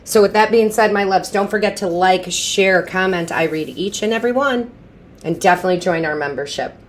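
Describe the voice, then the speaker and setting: A woman's voice: medium pitch, a little fast, slight background noise. A woman giving an intuitive tarot reading in a chatty, reassuring way, repeating phrases for emphasis and often restarting mid-sentence. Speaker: tarot reader.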